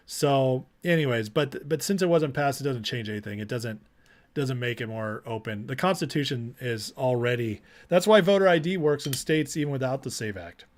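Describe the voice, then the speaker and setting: Chatty, rambling male livestream host. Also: medium pitch. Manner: rambling, restarts, repeats himself, chatty with viewers. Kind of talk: casual live-stream commentary and closing prayer.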